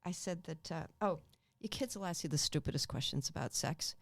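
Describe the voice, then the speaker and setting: A woman's voice: sits low, no echo. A middle-aged woman from Massachusetts, a comedian guest telling punchy, self-mocking stories in a chat. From Brockton, Massachusetts. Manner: punchy, wisecracking, quick self-mocking asides. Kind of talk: comic storytelling in a chat.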